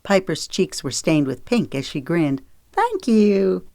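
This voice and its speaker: Woman, audiobook narrator, measured storytelling, low voice, dry close studio sound. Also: darkish tone, no room sound. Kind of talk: scripted narration.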